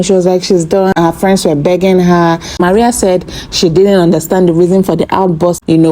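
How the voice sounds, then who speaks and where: Chatty woman with a mellow voice recapping. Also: lowish voice. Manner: chatty, opinionated, acts out quotes. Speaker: reality TV recap host. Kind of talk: casual recap commentary.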